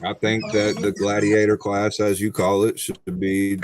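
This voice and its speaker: A man on a live-stream panel, giving his opinions in a measured, deliberate way. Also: on the low side, monotone, darkish tone, a little hiss or hum. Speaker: guest panelist. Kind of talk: casual live-stream chat.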